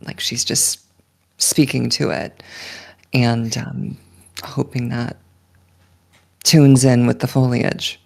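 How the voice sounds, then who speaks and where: A woman playing a tabletop game, describing her character in a hesitant, halting way with many fillers. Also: rumbling low, level tone, vocal fry, a little mellow. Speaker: player. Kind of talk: casual tabletop role-play.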